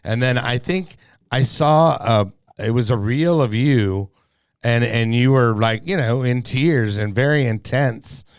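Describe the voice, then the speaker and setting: Brief: easygoing male podcast host, gravelly yet clear, dry studio sound. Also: mid-range voice, a little slow, no room sound. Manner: rambling, laughing easily, lots of fillers. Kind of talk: casual podcast chat.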